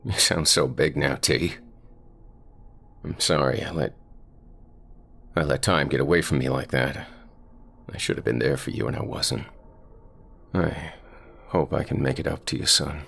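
Awkward apologetic dad on the phone, halting, deep gravelly voice, a man doing him. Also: fairly even intonation, a bit bright, heavily acted. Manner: hesitant, halting. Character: estranged middle-aged father, awkward, apologetic.

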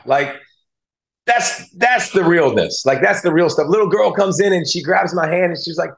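A man speaks as an interview guest, his voice sitting a little high for a man. He tells his story earnestly and with feeling, restarting sentences as he goes. He sounds close to tears at times but keeps going. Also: moderate pace, gravelly. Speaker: guest, former football player and analyst. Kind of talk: casual interview talk.

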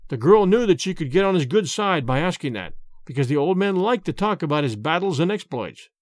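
A man narrating a story in a measured, expressive way. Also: a little high, no room sound, clean studio sound. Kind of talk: storytelling reading.

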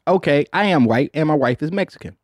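A man's voice: fairly high pitch, animated, fast, background noise. A man hosting a comedy podcast in a loose, profane, laid-back way, ending most phrases with "man" and reading out listener messages. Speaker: podcast host. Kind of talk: casual comedic podcast chat.

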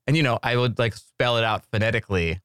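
A man's voice: medium pitch, fast, a bit bright, clean tone, dry recording, clean studio sound. A man chatting casually as a podcast co-host, joking and rambling with lots of restarts. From Iran. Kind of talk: casual chat.

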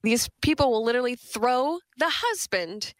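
A young woman co-hosts a radio show, talking at a slightly high pitch and spinning stories in a chatty, lively way. She starts over often, and her studio mic sounds close and dry with no room around it. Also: normal speed, no echo. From Southwestern Ontario, Canada. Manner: chatty, animated storyteller with frequent restarts. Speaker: radio co-host. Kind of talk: casual radio chat. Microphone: studio microphone.

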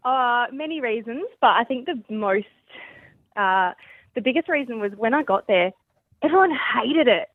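A woman's voice: a little high, expressive, normal speed, no room sound. A woman calls in to a radio show and tells a story hesitantly, with many ums. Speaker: caller. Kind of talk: phone-in story. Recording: tinny phone line.

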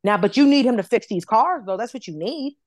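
A woman from Atlanta, a comedian guest, telling a story in casual chat, animated and profane, acting out other people's voices. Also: fairly high pitch, a little fast, dry recording. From Atlanta, United States.

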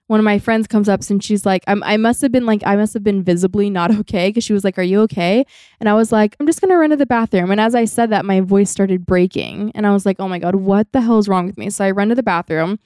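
A woman's voice: medium pitch, a little mellow, clean tone, no room sound, clean studio sound. A young woman co-hosting a podcast, telling a personal story in casual chat, full of "like" fillers. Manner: chatty, many "like" fillers. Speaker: podcast co-host.

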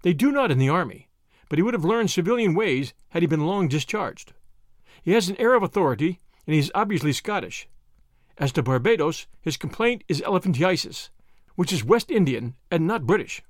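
A man's voice: sing-song, fairly quick, no room sound, studio quality. A man voicing a shrewd older male surgeon who questions a patient and explains his deductions. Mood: explaining. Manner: crisp, high and incisive.

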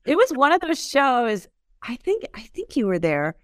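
A woman's voice: sits high, big pitch swings, normal speed, dry recording, clean studio sound. A woman guest telling stories in a casual interview, chatty and laughing often. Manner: chatty, lots of filler words, laughs while telling stories. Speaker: interview guest, whiskey brand founder.

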